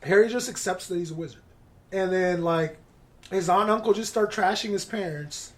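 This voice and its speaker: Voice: medium pitch, normal speed. Podcast host, rambling comic retelling, frequent swearing and laughter.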